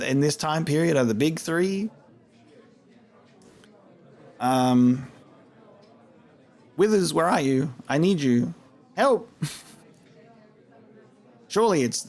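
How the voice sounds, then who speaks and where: A man's voice: mid-range voice, a little mellow. Playful male game streamer. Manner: playful, laughs often, reads dialogue aloud. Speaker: gamer. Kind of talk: playthrough commentary.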